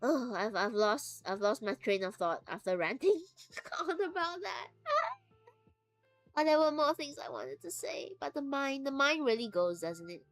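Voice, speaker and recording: A woman's voice: sits high, very animated, measured pace, no room sound, faint music behind. A woman streamer chatting casually to her livestream viewers from home, rambling and playful as she drifts between topics. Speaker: VTuber streamer. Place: at home, sitting on the floor.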